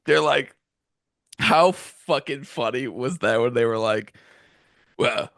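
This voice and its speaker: A man's voice: medium pitch, a little slow, creaky, a bit bright, no room sound, clean studio sound. A man co-hosting a casual podcast, laughing often, swearing freely and retelling scenes animatedly. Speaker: podcast co-host. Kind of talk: casual chat.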